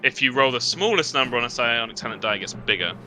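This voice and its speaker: A man's voice: medium pitch, lively intonation, fast talker, sharp tone, faint music behind. A man at a tabletop game session, confidently explaining the rules with a teasing edge. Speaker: player and rules expert. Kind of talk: casual chat at a tabletop game.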